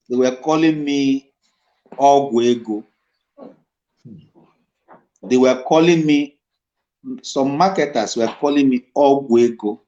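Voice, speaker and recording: A middle-aged man with a Nigerian accent, an actor telling stories in a casual interview and slipping into Pidgin. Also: mid-range voice. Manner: animated storyteller, dips into Pidgin. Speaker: guest actor. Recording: dull lo-fi recording.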